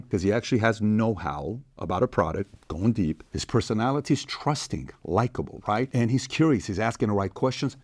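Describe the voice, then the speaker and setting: Man, motivational lecture, medium pitch, emphatic, animated, rhetorical questions. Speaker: podcast host and business speaker.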